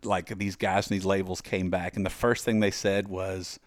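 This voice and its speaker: A man's voice: low voice, normal speed, no echo, studio quality. A man on a podcast as the guest musician, telling stories and acting out the voices of the people in them. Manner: lively storyteller acting out quoted voices. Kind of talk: podcast storytelling.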